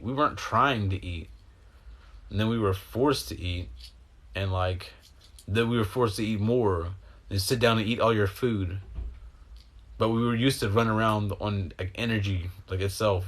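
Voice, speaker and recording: Low-voiced man rambling about spirituality. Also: fairly bright tone. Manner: meandering, profane, emotional stream of consciousness. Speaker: host.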